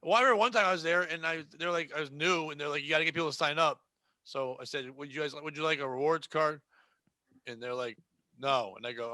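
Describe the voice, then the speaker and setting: Podcast host, male, bright tense voice, dry close sound, profane joking banter. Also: a little high, quick pace, dry recording. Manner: joking, profane, acts out customers. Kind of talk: casual podcast chat.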